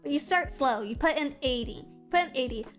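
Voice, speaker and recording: A woman's voice: high voice, lively intonation, brisk. A young woman streamer chatting casually and playfully, with lots of silly vocal play. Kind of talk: casual chat. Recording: faint music behind.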